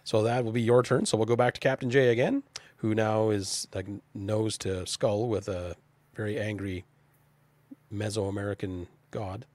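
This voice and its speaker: A man's voice: on the low side, steady tone, normal speed, a little mellow, dry recording. A man narrating as game master of a tabletop role-playing game, casual and chatty, often restarting his sentences.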